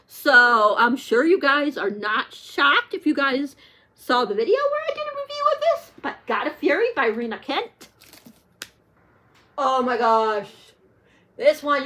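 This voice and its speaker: Here a woman who reviews books talks to camera in a casual way about her favorites, her voice high-pitched and a bit bright. Gushing and peppered with "like," her talk is so emotional that she is tearful and close to crying.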